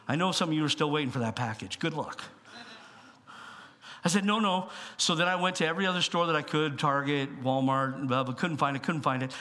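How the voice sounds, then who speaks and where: A man delivers a sermon in a church, his voice pitched high and ringing bright. He tells stories with plenty of energy, sliding from quiet confiding asides up to loud, emphatic bursts. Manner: animated storytelling, jumps between hushed asides and loud bursts. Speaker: pastor.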